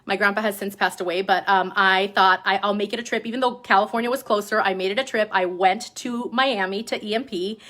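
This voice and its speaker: A woman talks straight to her team in a loose, lively storytelling voice. Her pitch sits in the middle range for a woman. She fills her sentences with "like" and "right?" and slips into other voices when she quotes people. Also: fairly quick, hardly any pauses. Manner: animated, lots of "like" and "right?". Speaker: direct-sales team leader. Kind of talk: casual motivational storytelling.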